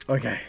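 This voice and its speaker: Theatrical streamer woman, slow and bright. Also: creaky. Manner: theatrical, swings between low mutters and loud frustrated yelps. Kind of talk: live-streamed gameplay chat.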